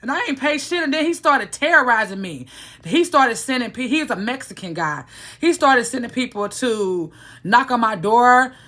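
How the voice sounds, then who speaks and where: A woman's voice: a little high, expressive, moderate pace, fairly bright tone. A woman telling a personal story to the camera in a rambling, profane, heated way. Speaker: vlogger. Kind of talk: casual storytelling vlog.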